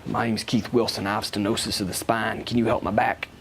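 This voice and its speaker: A man voicing an older male patient in pain who keeps repeating the same complaint flatly. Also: fairly low pitch, brisk, vocal fry, slight background noise. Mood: plaintive.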